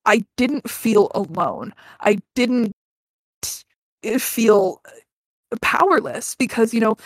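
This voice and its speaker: A woman's voice: a little high, dry recording, clean studio sound. A woman in her thirties, a podcast guest telling personal stories in an earnest, candid way, swearing freely and often restarting sentences. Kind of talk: casual personal storytelling.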